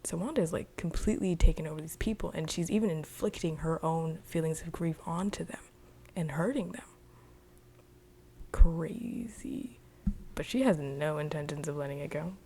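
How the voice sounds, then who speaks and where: A woman's voice: deep voice, normal speed, a little hiss or hum. Chatty woman recapping a TV episode. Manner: chatty and animated with slang. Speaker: TV show reviewer. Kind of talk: casual spoken recap.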